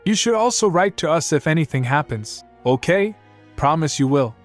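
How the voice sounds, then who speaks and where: Guy doing an excitable little princess girl, high and flustered. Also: normal speed, faint music behind, natural voice.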